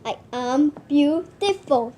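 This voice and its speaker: Vain sassy pet bird, fake French accent, high-pitched, drawn out; woman voices it. Faint rumble behind. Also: lively intonation, warm tone. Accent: put-on French. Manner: preening and theatrical, slow drawn-out delivery. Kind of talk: comic pet voice-over vlog.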